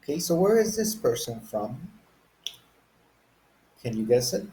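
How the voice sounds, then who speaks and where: A male English teacher leads a beginner lesson, with a voice pitched a little above the usual for a man. He talks at a very unhurried pace and keeps stopping to quiz his learners and get them to repeat words. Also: very animated, warm tone, rough recording. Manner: slow, patient, asks learners to guess and repeat.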